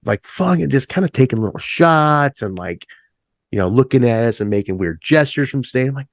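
A middle-aged man in a band, telling stories in a casual chat. He is laid-back, swears freely, says "like" a lot and jumps higher when he acts out a story. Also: animated, fairly quick, no echo, clean studio sound. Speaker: band musician, interview guest.

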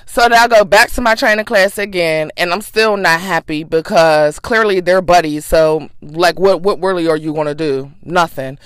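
A woman's voice: fairly low pitch, moderate pace, few pauses, clean tone, no echo. A woman podcast host telling a personal story in a casual, sassy, emphatic way, with plenty of swearing.

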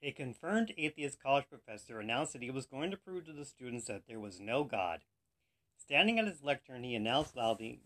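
A man hosting a podcast, telling jokes in an animated storytelling manner. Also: mid-range voice, fairly quick. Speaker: podcast host. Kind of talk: joke telling.

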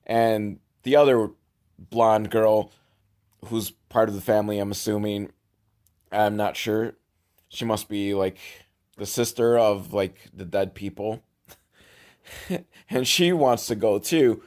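Wry man sarcastically recapping a film. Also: fairly low pitch. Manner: wry, deadpan asides and chuckles; swears casually. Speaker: show host recapping a film. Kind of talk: sarcastic comedic movie recap.

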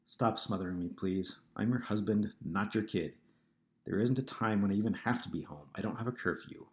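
A man's voice: on the low side, normal speed, lightly acted. A man voicing a curt, defensive husband. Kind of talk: audiobook character voice.

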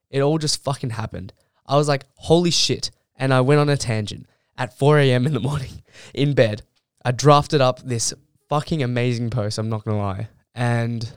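A man's voice: medium pitch, clean tone, no echo, studio quality. A young man, a university student, ranting bluntly and heatedly in a casual monologue, swearing freely. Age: young adult.

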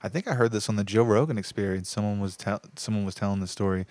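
Male comic hosting a podcast, lowish voice, easygoing, dry close sound. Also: fairly even intonation, fast, darkish tone, no room sound. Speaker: podcast host and comedian. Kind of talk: casual podcast chat.

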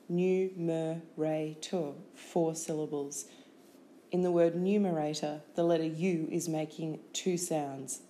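A woman's voice: sits low, warm tone, a little hiss or hum. A woman teaching a spelling lesson, carefully sounding out words one by one. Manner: careful, clearly enunciated, breaking words into sounds and syllables. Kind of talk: slow, deliberate spelling lesson.

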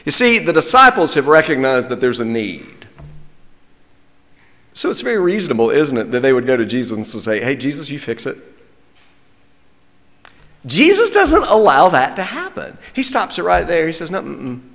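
A man, a pastor preaching a sermon with lively, wry humor. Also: a little high, moderate pace. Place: church sanctuary. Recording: long reverb of a church sanctuary.

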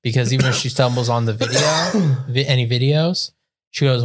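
A man's voice: mid-range voice, normal speed. A young man co-hosting a podcast, chatting casually and rambling with lots of fillers. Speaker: podcast co-host. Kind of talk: casual chat.

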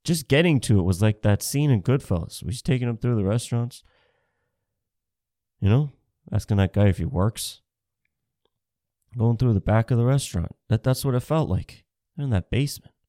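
A man's voice: mid-range voice, lively intonation, moderate pace, pauses often, warm tone, dry recording, clean studio sound. A man in his thirties doing a rambling, profane, self-mocking stand-up comedy set. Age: 30s.

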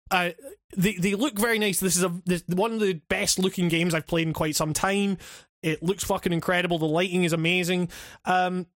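A man's voice: high-pitched, a bit bright, no echo, clean studio sound. A man chatting casually on a podcast, rambling and swearing, full of restarts, fillers and laughs. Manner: laughs often while talking. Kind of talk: casual chat.

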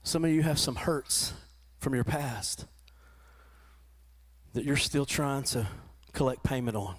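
A man preaching a sermon to his church, often repeating and restarting words, and rising into animated quoted voices. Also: mid-range voice, takes it slowly. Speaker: pastor. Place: church in front of a congregation.

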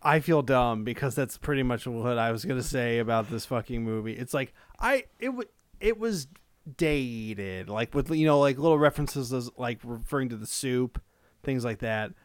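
A man's voice: mid-range voice, lively intonation, normal speed, dry recording, studio quality. A man co-hosting a podcast, talking casually with restarts, fillers and the odd swear. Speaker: podcast co-host. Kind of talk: casual chat.

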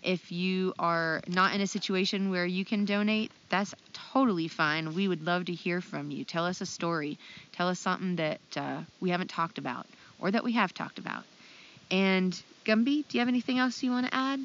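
A woman's voice: fairly low pitch, moderate pace, fairly bright tone, muffled recording. A woman from Ohio co-hosting a casual podcast, friendly and giggly as she reads listener mail and wraps up the show. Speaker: podcast co-host.

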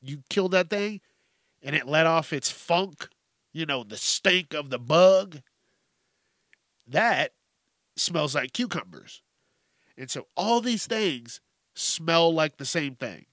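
A man hosting a solo podcast in a casual, profane, animated rant, acting out quotes and jumping between topics. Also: on the high side, slow, long pauses, dry recording, clean studio sound. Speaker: podcast host.

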